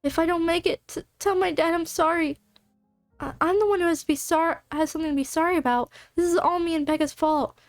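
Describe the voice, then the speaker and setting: A woman's voice: sits high, fast talker, few pauses, no room sound, soft background music, pitched above the performer's own voice, natural voice. A woman voicing a frightened, injured teenage girl who stammers and speaks shakily. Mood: shaky. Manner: shaky, stammering, breathless.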